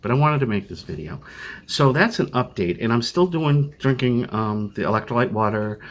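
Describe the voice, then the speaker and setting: A man's voice: mid-range voice, expressive, normal speed. An older man with a Boston accent giving a tired, rambling video update from home, full of fillers and restarts. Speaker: vlogger living with chronic illness. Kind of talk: casual personal video update. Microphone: phone used as webcam.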